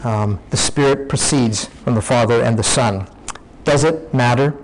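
A man's voice: mid-range voice, moderate pace, poor audio. A man preaching a sermon, teaching in a conversational way, often restarting his sentences.

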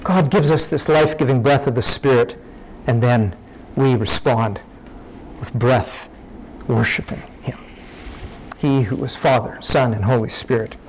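A man's voice: mid-range voice, measured pace, pauses often, a little hiss or hum, poor audio. A man preaching a sermon, teaching in a conversational way, often restarting his sentences.

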